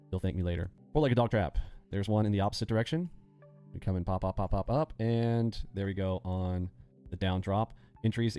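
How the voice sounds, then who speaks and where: A man hosting a live day-trading lesson, animated and acting out panicking traders with sound effects as he explains. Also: on the low side. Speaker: day trading instructor and host.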